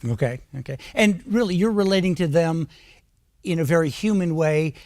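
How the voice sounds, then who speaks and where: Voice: medium pitch, moderate pace, a little mellow. A talk show host welcoming and interviewing a guest, affable, with brief encouraging interjections.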